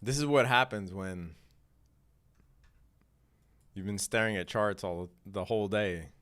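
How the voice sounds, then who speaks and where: A man's voice: fairly low pitch, unhurried, a bit bright, clean tone. A man hosting a live day trading stream, talking in a casual, slangy, laid-back way and laughing often. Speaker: day trading livestream host.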